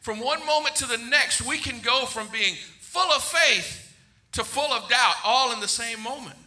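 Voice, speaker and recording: A man's voice: extremely high pitch, moderate pace, bright, forceful tone. A middle-aged pastor preaching a sermon to his congregation in a large church, emphatic and joking with his listeners.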